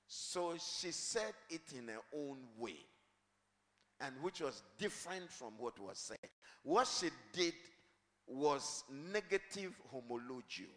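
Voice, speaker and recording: A male pastor preaching a sermon and leading the congregation in call-and-response, building up to shouted declarations. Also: fairly high pitch, big pitch swings, slow. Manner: leads the congregation in repeating lines. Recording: long reverb of a large hall.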